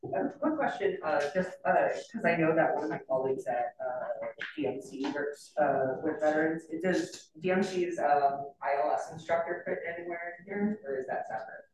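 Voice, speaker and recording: A man in the audience asks a question in a halting way, full of uh's. His voice sits a bit high and sounds far from the mic. The room echoes strongly, with a faint hiss behind. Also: animated. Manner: hesitant, many fillers. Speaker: meeting attendee asking a question.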